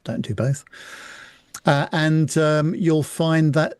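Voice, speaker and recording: A man with a fairly high voice reads out the show's contact details. He is brisk and matter-of-fact, and the sound is dry and close. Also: steady tone, darkish tone, smooth, no echo. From United Kingdom. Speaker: podcast co-host. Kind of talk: reading out show contact details.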